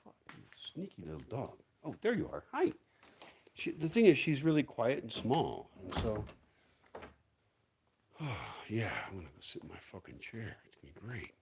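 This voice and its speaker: A man's voice: mid-range voice, big pitch swings, moderate pace, darkish tone, slight background noise. A man rambling casually through a vlog at home, swearing freely and walking around outdoors while he talks. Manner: rambling, profane, talks to himself and his dogs. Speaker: vlogger.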